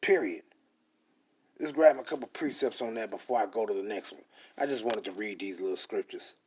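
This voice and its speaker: A young man preaching and reading scripture aloud, emphatic and blunt, dropping into a slow, deliberate pace for the verses. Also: on the low side, a little mellow, slightly rough. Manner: emphatic, blunt and profane, slows way down to read verses. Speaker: scripture teacher.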